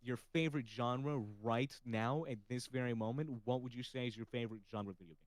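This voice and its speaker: A man's voice: medium pitch, steady tone, brisk, no room sound, rough recording. Man, podcast host, slightly nasal, casual chat, dry sound. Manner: chatty, swears casually, laughs often.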